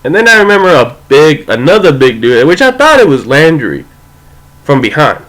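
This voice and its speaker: A man's voice: on the high side, sing-song, moderate pace, a bit bright, low-quality recording. A young man casually telling a rambling, profane story, full of "like" and "you know".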